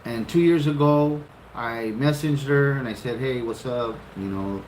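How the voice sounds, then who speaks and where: A man's voice: medium pitch, measured pace, a little mellow. A man in his fifties casually tells how he met his wife, acting out his own reactions and swearing a lot. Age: 50s. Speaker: husband telling how the couple met. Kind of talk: casual storytelling. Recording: roomy echo with clear background noise.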